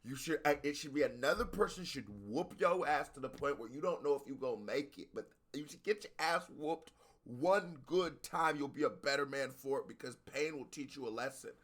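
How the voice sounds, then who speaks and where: A man hosting a music reaction video, talking casually and bluntly with plenty of profanity, often jumping up into high-pitched exclamations. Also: fairly quick.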